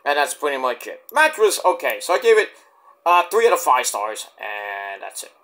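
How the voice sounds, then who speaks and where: A man's voice: medium pitch, sing-song, normal speed, fairly bright tone. A man reviewing a wrestling show in a rambling, profane casual monologue, tired late at night.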